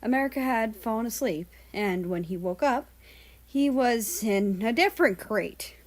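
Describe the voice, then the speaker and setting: A woman reading a fan-fiction story aloud as narrator, in a steady storytelling delivery. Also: a little high, unhurried. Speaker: fan-fiction audiobook reader. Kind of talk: scripted narration.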